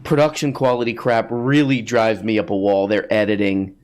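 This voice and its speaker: A man's voice: fairly low pitch, little pitch movement, moderate pace, a little mellow. Sarcastic man riffing casually. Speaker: podcast host. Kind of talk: casual comedic commentary.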